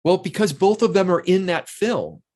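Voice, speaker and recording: A man's voice: high-pitched, lively intonation, normal speed, darkish tone. An older man, a guest in a casual interview, telling long, enthusiastic anecdotes full of restarts.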